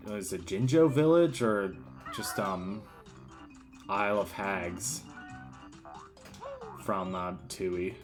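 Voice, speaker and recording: Rambling, jokey man playing a game. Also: lowish voice. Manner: rambling and jokey, slips into silly voices. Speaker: let's player. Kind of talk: casual gameplay commentary.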